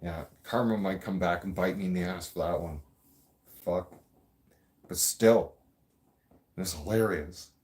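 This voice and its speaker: A man's voice: low voice, a little slow, pauses often, darkish tone. A man hosting a podcast, telling stories casually in a blunt, profane way and laughing often. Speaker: podcast host. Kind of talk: casual storytelling.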